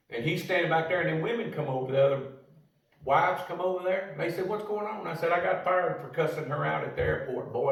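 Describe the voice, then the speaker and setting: An older man with a drawl spins a casual yarn, cussing freely and talking plain folksy. His voice sits a little high for a man. He sounds set back from the mic in a very echoey room. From United States. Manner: salty, profane, folksy. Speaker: storyteller. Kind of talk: casual storytelling. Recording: roomy echo from a distant mic.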